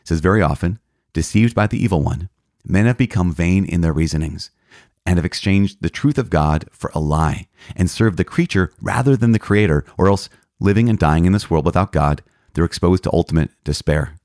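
A man's voice: low voice, a little fast, darkish tone, dry recording, studio quality. A man, a priest, teaching from the catechism in an earnest, emphatic way, often restarting and correcting himself.

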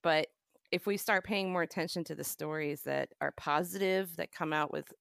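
A woman's voice: low voice, steady tone, moderate pace, creaky, fairly bright tone, dry recording, studio quality. A woman talking casually as host, conversational and referring to news sources.

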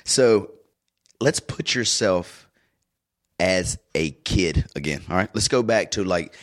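A middle-aged man co-hosts a casual podcast chat, speaking slowly in a low-pitched voice. An animated storyteller, he recounts childhood stories with plenty of fillers.

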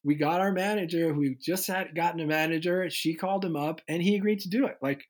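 Male podcast guest, slightly higher voice, chatty and animated storytelling. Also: a little fast. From United States. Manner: animated storyteller who acts out quoted voices. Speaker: guest musician. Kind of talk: casual interview storytelling.

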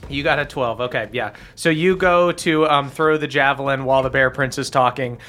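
A man's voice: mid-range voice, moderate pace, sharp tone. A man narrating as game master of a tabletop game, casual and joking, often laughing mid-sentence.

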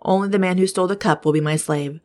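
Woman reads a stern male ruler giving orders, low voice, plain read-aloud. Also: steady tone, quick pace, dark tone, close to an everyday voice. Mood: firm. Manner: firm, commanding read-aloud delivery. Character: Joseph, powerful man, stern ruler.

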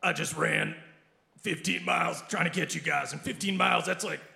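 A man voicing a frantic, winded old male woodsman who shouts and grumbles in exasperation. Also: high voice, steady tone, moderate pace, gravelly, heavily acted.

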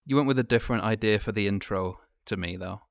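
A man's voice: on the low side, fast talker, dry recording. Dry-humored male co-host, close mic. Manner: dry, teasing banter. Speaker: podcast co-host. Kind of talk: casual podcast chat.

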